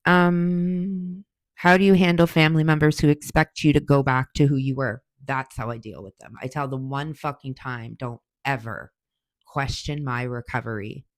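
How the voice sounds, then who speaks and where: Answering questions in a casual podcast monologue, this host in her forties is blunt, profane and heated as she tells stories. Her voice sits low with a steady tone at a moderate pace, with no room sound.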